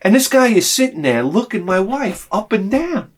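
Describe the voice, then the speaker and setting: A man's voice: high voice, normal speed. A man telling a long story as a vlogger in a casual, exasperated rant full of swearing. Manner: animated, profane, exasperated.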